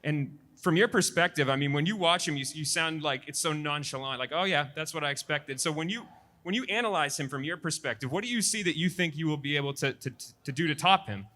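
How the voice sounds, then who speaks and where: Rambling male interviewer, bright voice. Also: fairly high pitch, fast talker. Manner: rambling questions with restarts. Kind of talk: post-fight interview questions.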